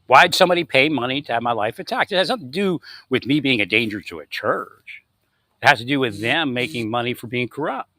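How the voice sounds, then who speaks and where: A man's voice: medium pitch, expressive, fast talker, bright, forceful tone, dry recording. A man delivering a confrontational monologue, angrily ranting at unseen opponents. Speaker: vlogger.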